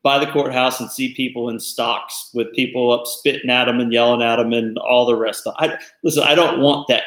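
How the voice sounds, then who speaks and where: Male co-host, average pitch, halting thoughtful delivery, echoey room. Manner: thoughtful, halting, restarts often. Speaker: podcast co-host. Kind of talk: casual discussion.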